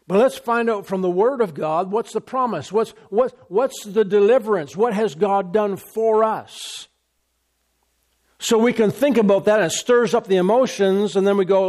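A man's voice: high-pitched, normal speed. A man preaching a sermon who reads scripture aloud, repeats phrases for emphasis and checks in with the congregation. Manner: call-and-response asides, repeats phrases for emphasis.

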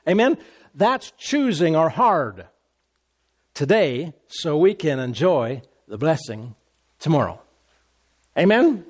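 Man preaching in a relaxed, repetitive way. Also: fairly high pitch, takes it slowly, long pauses. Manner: conversational preaching, repeats phrases, asks the congregation "Amen?". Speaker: pastor. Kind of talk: sermon.

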